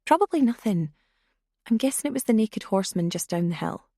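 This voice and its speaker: A woman voicing a blunt, wry young woman who talks briskly and matter-of-factly. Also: fairly high pitch, animated, mellow, dry recording, clean studio sound.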